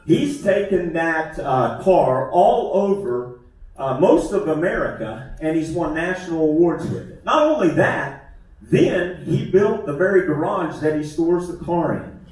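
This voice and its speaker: A man's voice: on the high side, expressive, measured pace, darkish tone. A man doing a self-deprecating, conversational stand-up comedy set on a theater stage. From West Virginia. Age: 50s. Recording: echoey theater from far off.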